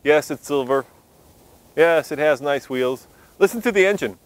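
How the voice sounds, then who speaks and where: Man, car reviewer, upbeat, joking, slightly high pitch, inside a moving car, street noise. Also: animated, normal speed.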